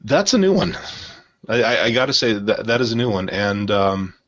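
A man's voice: fairly low pitch, very animated, moderate pace, a bit bright. A man in a casual discussion, talking in a rambling, irreverent and jokey way. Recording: dull lo-fi sound.

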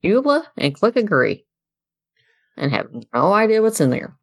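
A woman's voice: mid-range voice, moderate pace, slightly rough. A woman co-hosting a podcast, telling stories in a casual chat. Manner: storytelling, animated quoting of others. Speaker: podcast co-host.

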